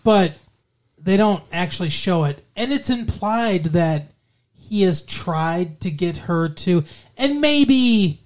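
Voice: medium pitch, lively intonation, slow. A podcast co-host talking through a movie in loose, rambling fashion. They swear freely, drift between thoughts and keep slipping into the characters' lines as they retell scenes. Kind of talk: casual movie discussion.

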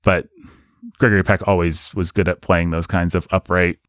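A man with a very low voice talks casually about movies, offering firm opinions and drifting into tangents. The sound is dry, with no room echo. It comes across as relaxed podcast conversation. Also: moderate pace. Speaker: podcast co-host. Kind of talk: casual film discussion.

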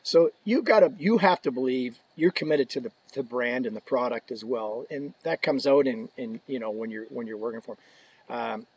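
A man's voice: mid-range voice, expressive, moderate pace, a little mellow, slightly rough. A man in his fifties, a podcast guest, casually telling anecdotes and laughing as he goes. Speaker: guest, hockey equipment rep. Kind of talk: casual storytelling.

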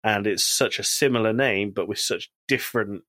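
A man's voice: fairly low pitch, moderate pace, a bit bright, dry recording. A man co-hosting a podcast in casual chat, animatedly retelling TV scenes and quoting characters. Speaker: podcast co-host.

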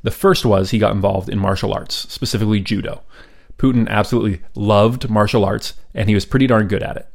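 A man's voice: lowish voice, fairly even intonation, fairly quick, gravelly. A man hosting a podcast, telling a history story in a casual, chatty way with asides and fillers. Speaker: podcast host.

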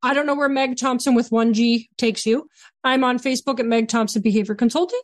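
High-voiced woman, lively guest. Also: racing, dry recording. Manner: animated, acts out dialogue with her son. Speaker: guest, behavior consultant. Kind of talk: casual podcast interview.

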